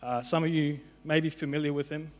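A man's voice: on the high side, fairly even intonation, fairly quick. A young man giving an informal sermon, conversational, often repeating his words as he goes. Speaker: preacher. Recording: hall reverb with mains hum.

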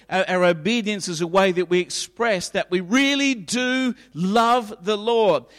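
High-voiced preaching man in a reverberant hall. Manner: emphatic, repetitive preaching with acted quotes. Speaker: pastor. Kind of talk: sermon. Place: church.

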